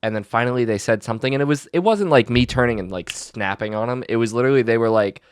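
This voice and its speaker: A man co-hosting a podcast in casual chat, playful and goofy, often trailing off softly. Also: medium pitch, fast, clean tone, no room sound, clean studio sound. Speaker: podcast co-host; teacher.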